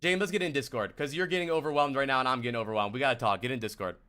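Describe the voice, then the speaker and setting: A man's voice: mid-range voice, racing, pushed and bright. A young man streaming as a game coach, talking casually in an exasperated, rambling way, with lots of swearing and restarts.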